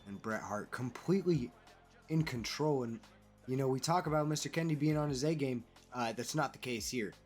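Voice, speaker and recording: A man giving casual, animated play-by-play commentary over a wrestling video game he is playing, calling players "brother". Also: mid-range voice, a little fast, soft background music. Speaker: gaming commentator.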